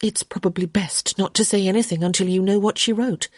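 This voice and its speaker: A woman's voice: medium pitch, steady tone, brisk, dry recording, clean studio sound, pitched above the performer's own voice, close to an everyday voice. A woman voicing a frank, curious young society lady who teases and speaks her mind. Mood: eager. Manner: frank and teasing.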